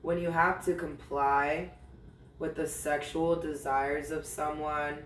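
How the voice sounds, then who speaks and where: A high-pitched man recounting his own story for a podcast in a blunt, profane way, as if talking straight to his ex. He takes his time with each thought. The room is echoey and he sits back from the microphone. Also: level tone, slow pace, a bit bright, far from the mic, slight background noise. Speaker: podcast host. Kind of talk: candid storytelling monologue. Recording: roomy, a little off-mic.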